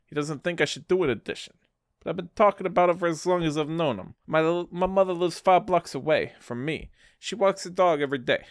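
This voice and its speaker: A man's voice: fairly high pitch, fairly quick, no room sound. A young man co-hosting a comedy podcast, reading posts aloud with a dry, close sound. He laughs easily and trips over his words, keeping a loose, joking tone. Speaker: podcast co-host.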